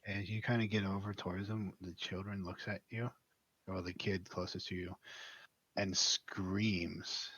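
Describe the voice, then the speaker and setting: A young man running a tabletop game as its dungeon master. His voice sits very low and husky, and he narrates in a relaxed way, stopping often for fillers. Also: measured pace, no echo, muffled recording.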